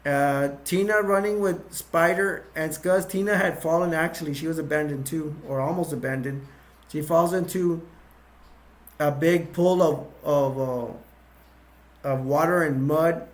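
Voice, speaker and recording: A man reviewing a movie by retelling its plot in a rambling, halting way, with many restarts. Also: on the high side.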